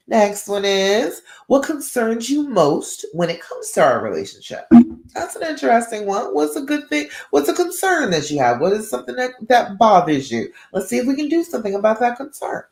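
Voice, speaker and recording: Brief: woman relationship coach on a live stream, middle pitch, direct and frank, keeps asking "all right?", roomy echo on the voice. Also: a little mellow. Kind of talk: live-stream advice talk.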